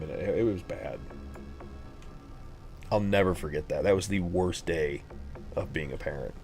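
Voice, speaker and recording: Low-voiced man, rambling streamer chat. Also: darkish tone. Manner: rambling storyteller, exasperated outbursts. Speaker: gaming streamer. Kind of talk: casual chat while gaming.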